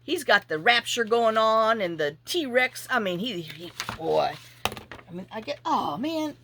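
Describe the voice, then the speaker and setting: A woman's voice: a little high, very animated, unhurried, sharp tone, a little hiss or hum. Woman rambling thru a story while she crafts, chatty, lots of asides. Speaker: junk journaling channel host. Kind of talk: casual chat while crafting.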